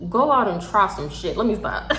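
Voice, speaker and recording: Speaking at medium pitch and a moderate pace, a young woman from Houston with a Southern US accent spins a casual tale for her storytime vlog. She's slightly tipsy and lively, laughing a lot, cursing freely and performing each quote. It's recorded in an echoey room.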